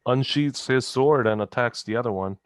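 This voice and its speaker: A man playing a tabletop game, relaxed and joking as he describes his character's actions. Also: medium pitch, normal speed, smooth, no echo. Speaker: player. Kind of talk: casual tabletop play.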